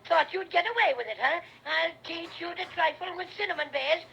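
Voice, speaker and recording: A woman's voice: very high voice, a little fast, vocal fry, a bit bright, highs cut off, a little hiss or hum, exaggerated voice. A woman voicing a brave, boastful male cinnamon bear in 1930s radio drama style. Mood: fierce.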